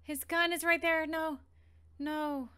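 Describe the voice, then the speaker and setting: A woman hosting a casual movie reaction, animated and exclaiming at the screen. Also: very high voice, slow pace, very noisy.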